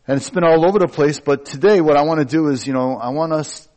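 Middle-aged pastor preaching in a candid way. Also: male voice, fairly high pitch, quick pace, few pauses, darkish tone. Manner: candid, personal and self-joking. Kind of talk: conversational sermon.

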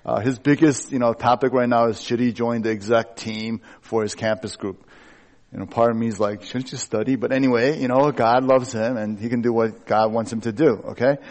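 A middle-aged male pastor preaches in a loose, conversational way, mixing personal stories with scripture. His voice sits at an ordinary mid pitch, and he talks candidly, often poking fun at himself. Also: gravelly. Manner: candid, personal and self-joking. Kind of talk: conversational sermon.

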